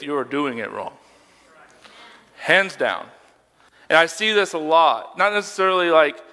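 A man's voice: on the high side, sharp tone, big-room sound. A young man preaching a sermon as a youth pastor, conversational and emphatic, asking rhetorical questions.

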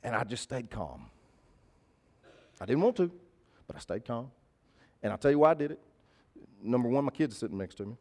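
Animated pastor preaching. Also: male voice, mid-range voice, fairly quick, pauses often. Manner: animated, conversational preaching with emphatic repetition. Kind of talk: sermon with personal storytelling.

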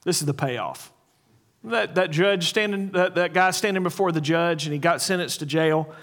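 A man preaching a sermon in an earnest way, slowing down and repeating key lines for emphasis. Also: a little high, a bit bright. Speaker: pastor.

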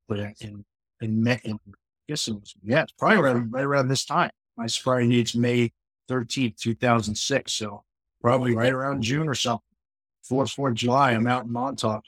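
A man's voice: medium pitch, steady tone, moderate pace, fairly bright tone, husky, no room sound, low-quality recording. A middle-aged man from New York, a podcast guest, telling a personal story in a casual, rambling way with lots of restarts. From New York, USA. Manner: conversational, frequent restarts and "you know" fillers.

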